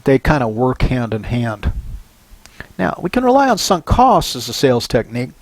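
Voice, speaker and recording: An older man from Southern California giving a psychology lecture, telling animated personal stories and often checking in with "right?". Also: medium pitch, moderate pace, no echo. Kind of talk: recorded university lecture.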